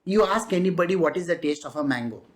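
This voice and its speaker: A spiritual teacher with an Indian English accent giving a devotional discourse in a lively, conversational way, often laughing, slipping in Hindi asides and acting out the people in the stories. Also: medium pitch, fast talker. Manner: animated, acts out quoted people.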